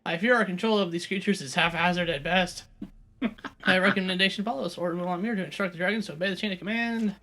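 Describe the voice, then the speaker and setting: With a high, fast, pushed and bright voice, this man co-hosts a let's play, exchanging dry teasing jabs and reading the game's documents out loud as he casually comments.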